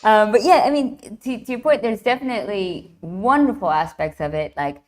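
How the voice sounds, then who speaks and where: A woman guest retelling an ancient myth in lively, enthusiastic conversation, often restarting her phrases. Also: mid-range voice, normal speed. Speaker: guest, classics writer. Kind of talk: animated myth storytelling in conversation.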